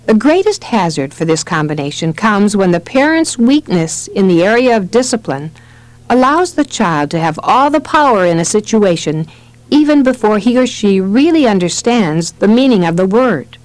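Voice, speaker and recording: A woman narrating a parenting audiobook, reading in an expressive storytelling manner. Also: mid-range voice, moderate pace, dry recording, low-quality recording. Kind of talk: scripted narration.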